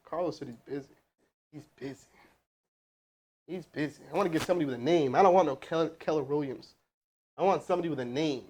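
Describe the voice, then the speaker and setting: Fast speech with long pauses marks this man, whose voice is on the high side. He does a live cold sales call and follows with crew coaching, keeping it casual, heavy on fillers and restarts, energetic and rambling throughout.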